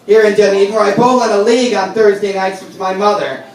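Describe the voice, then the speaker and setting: A man from the Bronx, doing a loud, brash stand-up set on a handheld microphone at a brewery. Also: high-pitched, fast talker. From the Bronx, New York. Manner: loud, brash, animated storytelling to a crowd. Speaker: stand-up comedian. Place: brewery stage with a live audience. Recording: echoey room recorded from far off.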